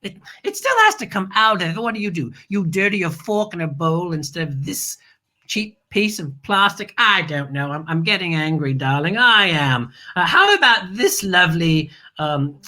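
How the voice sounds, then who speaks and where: A woman host with a bright, sharp voice that leaps all over the place. She talks dramatically, trips into little restarts and tosses in a "darling" here and there. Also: lowish voice, big pitch swings, normal speed. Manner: dramatic, stammering restarts, calls listeners darling. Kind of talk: theatrical family-show hosting.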